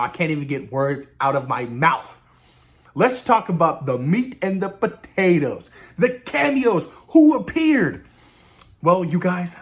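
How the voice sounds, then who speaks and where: A young man hosts his own movie review channel and talks straight to his viewers. He gushes with excitement and swears freely, and his voice leaps up and drops down all the time. It sits a touch higher than most men's. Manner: hyped, gushing, swearing often.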